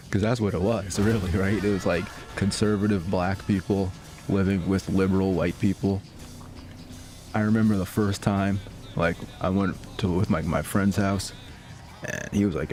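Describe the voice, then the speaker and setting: A man's voice: low-pitched, a little mellow. A man streaming a game and telling stories in a loose, rambling way, full of filler words and laughs. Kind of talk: casual storytelling chat.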